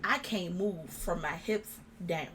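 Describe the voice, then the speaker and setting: A young adult woman, a guest in an interview, telling a story in an animated way and acting out the people she quotes. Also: lowish voice, takes it slowly, slight background noise.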